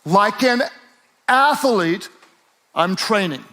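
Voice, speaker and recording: A man preaching a sermon as a pastor, moving from relaxed joking asides to rising, emphatic exhortation, and asking listeners to repeat lines aloud. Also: sits high, slow.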